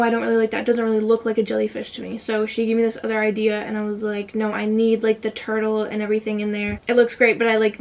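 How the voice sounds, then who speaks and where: A woman's voice: on the high side, darkish tone, lo-fi sound. Teary young woman vlogging, slightly distant. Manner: emotional, near tears, fillers like "like". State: tight throat from holding back tears. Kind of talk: casual confessional vlog.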